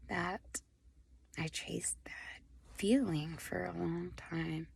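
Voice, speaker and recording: A tearful young woman gives a personal testimony in a slow, halting voice. Her tone is low, gravelly and husky, and it often sinks to a near whisper as she fights back tears. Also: fairly even intonation, no echo. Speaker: vlogger sharing a personal testimony. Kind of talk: emotional personal testimony to camera.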